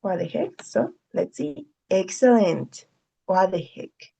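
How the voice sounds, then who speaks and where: Teaching an online English class, a native Spanish speaker patiently repeats key phrases and keeps asking "okay?" to check in. Her medium-pitched voice is warm and expressive, slow-paced, with some vocal fry.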